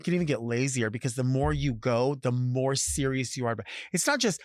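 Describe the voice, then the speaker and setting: A man's voice: medium pitch, lively intonation, a little fast, few pauses, dry recording, clean studio sound. A man who hosts as a drag queen, talking in a campy, sassy way and stretching words out for emphasis. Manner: sassy, conversational. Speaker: podcast host, drag queen. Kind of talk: casual solo monologue.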